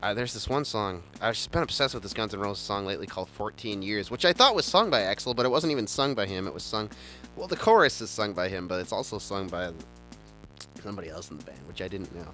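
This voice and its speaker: A man's voice: fairly low pitch, lively intonation, fast talker, pushed and bright, soft background music. A man hosting a casual chat, rambling enthusiastically with many stumbling restarts. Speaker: show host.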